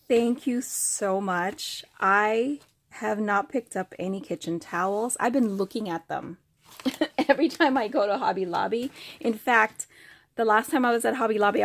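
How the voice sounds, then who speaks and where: A woman vlogger opening craft mail, gushing, gasping and squealing with delight as she talks to the camera. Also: medium pitch. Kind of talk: excited unboxing chat to camera.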